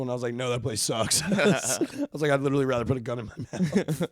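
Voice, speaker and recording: A man spins a rowdy night-out story into a close podcast mic, laughing his way through it. His voice sits at a middling pitch and the sound is dry and close. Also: dry recording. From Philadelphia. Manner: laughs through his stories, quotes others in quick bursts. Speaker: podcast co-host. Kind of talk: casual comedic storytelling.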